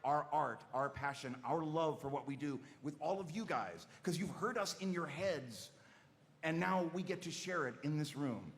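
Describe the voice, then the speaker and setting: A man speaking as a voice actor on a live convention panel, animated and gushing as he tells a story. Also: a little high, moderate pace, a little hiss or hum. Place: large convention hall stage. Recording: reverberant hall with crowd ambience.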